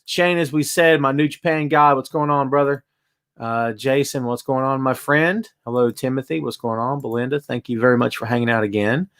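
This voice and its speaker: A man's voice: medium pitch, fairly even intonation, normal speed, fairly bright tone, smooth. A man hosting a casual live-streamed wrestling podcast from his home, chatty and greeting viewers by name. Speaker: podcast host. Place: home room with bass amp.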